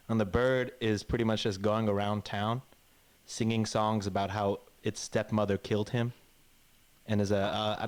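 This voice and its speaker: Lowish and darkish in tone, a man's voice carries a grim fairy tale told as casual storytelling chat on a podcast he co-hosts. He wanders as he goes, swearing and performing the characters' dialogue.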